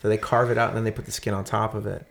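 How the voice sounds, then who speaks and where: A woman's voice: rumbling low, little pitch movement, very fast. A woman co-hosting a podcast, joking in a playful, laid-back casual chat. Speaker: podcast co-host.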